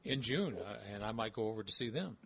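A man's voice: fairly low pitch, expressive, fast talker. Easygoing chuckling man, radio host. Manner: easygoing, chuckling, self-deprecating. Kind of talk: casual chat.

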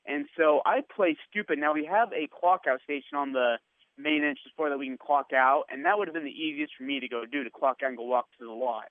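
A man with a slightly high voice tells a lively story over the phone. The sound is thin and tinny, like a phone call, and very dry with no room echo. He acts out the voices of the people in his story as he goes. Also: fast. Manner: animated storyteller, acts out quotes. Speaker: guest. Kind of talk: casual storytelling.

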